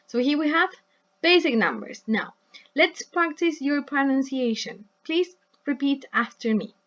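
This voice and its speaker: A woman teaches an English lesson in a recorded video, patiently modelling words slowly for her students to repeat and checking in often with "right?" and "yes?". Her voice is high-pitched, animated and a bit bright, though the recording is muffled.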